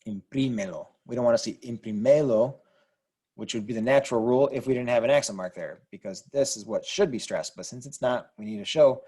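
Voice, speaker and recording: A man's voice: mid-range voice, quick pace, few pauses. Man teaching grammar over slides. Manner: relaxed, repeats points with fillers. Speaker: Spanish teacher.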